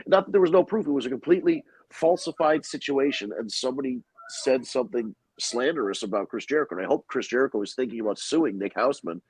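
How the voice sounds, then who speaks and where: A man with a husky, slightly rough voice holds forth as a podcast host. He rambles, swears freely and sounds opinionated. The sound is dry and close, with no room around it. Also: mid-range voice, lively intonation, quick pace, hardly any pauses, no room sound, poor audio. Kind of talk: casual chat.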